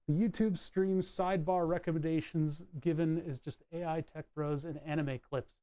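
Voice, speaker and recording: A man talking on a live stream as he works on electronics at his bench. He rambles in a wry, offhand way and swears now and then. His voice sits a little high and comes through a desk mic with a dry, close sound. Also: steady tone, unhurried, long pauses, dark tone, no room sound. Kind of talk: casual live-stream chat while tinkering. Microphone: desk microphone.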